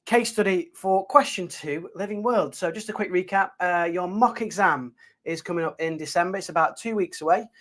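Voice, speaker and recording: Yorkshire guy teacher, chatty and upbeat on a live stream, slightly high voice. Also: normal speed, fairly bright tone. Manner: chatty, upbeat, lots of fillers and restarts. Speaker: geography teacher. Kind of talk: casual live stream chat.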